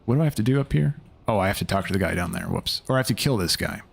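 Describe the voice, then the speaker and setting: A young man hosting a live gaming stream, his voice sitting low as he rambles through loose, casual commentary. He swears offhandedly and keeps talking while he plays. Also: expressive, very fast, gravelly, slightly rough.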